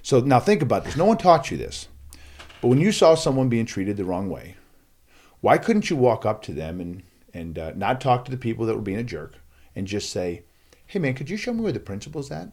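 A man telling a lively story as a guest in a conversation, acting out the voices of the people in it. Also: on the low side, moderate pace. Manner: acts out voices, lively and playful. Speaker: guest, school assembly speaker.

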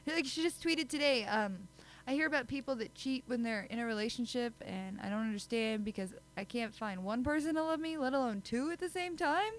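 A woman's voice: a little high, fairly quick, poor audio. A woman co-hosting a podcast, chatty and giggly, poking fun at herself in casual chat. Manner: giggly, chatty, self-deprecating. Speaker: podcast co-host.

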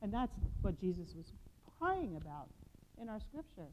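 A woman's voice: mid-range voice, big pitch swings, normal speed, very noisy. A woman pastor giving a homely, conversational sermon with the odd filler, then leading a prayer. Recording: long church reverb, dull lo-fi sound.

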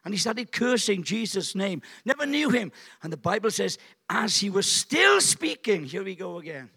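A man's voice: very animated, normal speed, vocal fry, bright, forceful tone, breathy edge. A man preaching a sermon in a church, acting out quotes dramatically and throwing in jokey asides. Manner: dramatic, acts out quotes with big pitch swings. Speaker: pastor.

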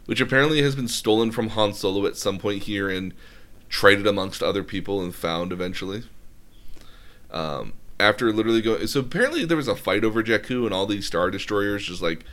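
A man's voice: fairly low pitch, expressive, a little fast, fairly bright tone. A man casually retelling a film plot, rambling with lots of fillers. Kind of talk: casual chat.

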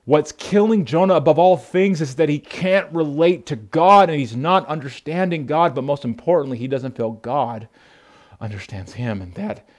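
A man's voice: a little high, moderate pace. A man preaching a sermon as a pastor, impassioned, with frequent restarts, addressing his congregation as folks. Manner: impassioned, repetitive restarts, acts out quotes loudly.

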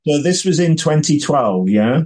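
A man hosting a podcast interview in a relaxed tone. He cheers his guest on and steers the chat with short, friendly questions. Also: on the high side, measured pace. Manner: encouraging, asks short questions. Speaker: podcast host. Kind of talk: casual interview.

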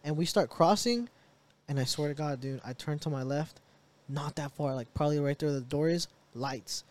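Animated young man telling a story. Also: fairly high pitch, normal speed. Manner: animated storyteller, swears freely. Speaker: podcast co-host. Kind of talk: casual chat.

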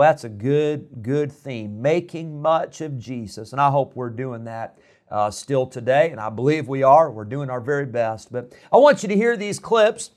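A male pastor speaking to his congregation in an unhurried, reminiscing way before introducing a guest preacher. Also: fairly high pitch, darkish tone. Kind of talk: church announcement.

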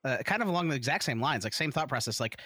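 A man's voice: medium pitch, expressive, racing, pushed and bright, dry recording, clean studio sound. A man on a trivia podcast, reasoning through his guesses with lots of fillers. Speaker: trivia contestant.

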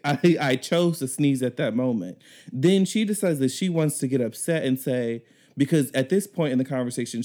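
A man hosting a casual chat, telling a work story in an animated way, laughing often and acting out the people he quotes. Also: medium pitch. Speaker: podcast host.

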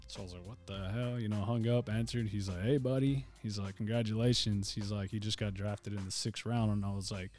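A young man, a former pitcher, telling his story as a podcast guest in a laid-back, casual way, often saying "man" and "you know". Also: steady tone, a little fast, few pauses, a little mellow, soft background music. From Nogales.

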